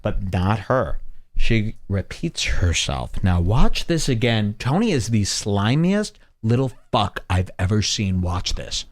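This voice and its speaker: A man's voice: lowish voice, takes it slowly. A man hosting a podcast, scornfully commenting on clips he plays. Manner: scornful, animated storytelling. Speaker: podcast host. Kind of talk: casual commentary over clips.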